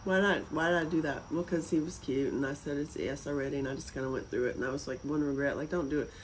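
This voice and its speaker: A woman's voice: low-pitched, fairly even intonation, quick pace, slight background noise, poor audio. Chatty Southern woman on a livestream. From North Carolina. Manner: chatty, giggly, rambling. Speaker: livestream host. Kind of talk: casual livestream chat.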